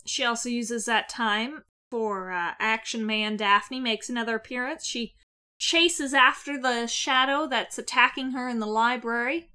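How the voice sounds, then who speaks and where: A woman's voice: fairly high pitch, a little slow, pushed and bright, smooth. A woman co-hosting a podcast, chatting casually about a cartoon with dry, sarcastic humor and casual swearing. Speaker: podcast co-host.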